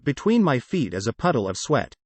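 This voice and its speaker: Brief: male audiobook narrator, sardonic, animated pitch, dry close sound. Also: brisk, breathy edge, no room sound. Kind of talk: first-person novel narration.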